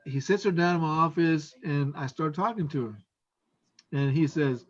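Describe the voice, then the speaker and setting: A man's voice: a little high, moderate pace, lo-fi sound. West Texas man telling stories. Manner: anecdotal, acts out quoted voices. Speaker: former immigration officer. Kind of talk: casual storytelling.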